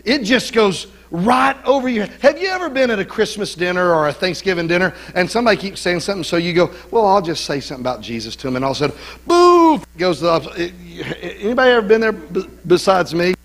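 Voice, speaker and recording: Animated middle-aged male pastor preaching. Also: sits high, fast, few pauses, poor audio. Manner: animated preaching with call-and-response asides. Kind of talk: sermon. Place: church sanctuary.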